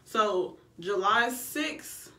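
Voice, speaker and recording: A woman's voice: mid-range voice, expressive, very slow, pushed and bright. A young woman, telling her labor story to camera in a blunt, casual way and swearing freely. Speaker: vlogger. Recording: echoey room, a bit far from the mic.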